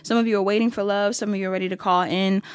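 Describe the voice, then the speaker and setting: A chatty woman tarot reader speaking in a middle-pitched voice and addressing viewers directly as she reads. She often breaks off laughing at herself. The sound is dry and close, with no room echo. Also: fairly even intonation, very fast, smooth. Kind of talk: casual pick-a-card reading.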